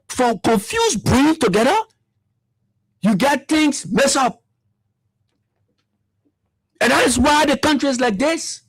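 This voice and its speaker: Male commentator, high husky voice, dry close sound, impassioned and repetitive. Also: no echo. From Liberia. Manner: fiery, repetitive, rhetorical questions. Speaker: political commentator.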